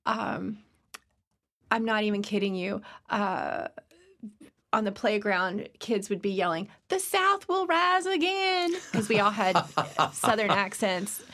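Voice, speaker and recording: A woman's voice: medium pitch, fairly even intonation, slow pace, fairly bright tone. A middle-aged woman from Virginia speaks unhurriedly in a casual podcast conversation. She is chatty, laughs easily and leans on fillers as she measures her words.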